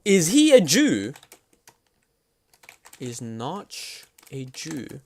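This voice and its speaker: A man streaming live at his computer, chatting casually in an excitable, slangy, swear-heavy way. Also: a little high, very slow.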